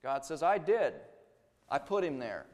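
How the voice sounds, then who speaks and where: A man preaching a sermon, emphatic, swinging between loud declarations and hushed asides. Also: a little high, sing-song, a little slow. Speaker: pastor. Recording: long hall reverb.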